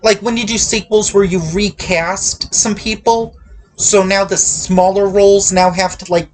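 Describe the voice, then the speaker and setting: Slow, halting man reviewing a movie. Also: sits high, little pitch movement, a little hiss or hum. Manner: halting, full of restarts and hedges. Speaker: podcast host. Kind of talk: casual movie review chat.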